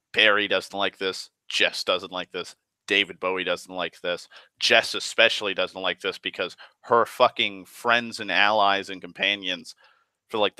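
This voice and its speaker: Slow, rambling man swearing casually. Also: low-pitched, pushed and bright, clear, resonant tone, dry recording. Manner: rambling, profane, full of "like" and restarts. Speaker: storyteller. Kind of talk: casual retelling of a tabletop game session.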